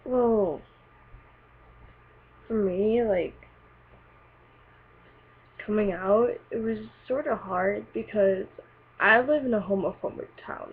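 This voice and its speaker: A teenage vlogger with a mid-range, slightly breathy voice tells a personal story in a rambling, casual way, full of fillers and "likes." The webcam audio is tinny and lo-fi with a faint hiss.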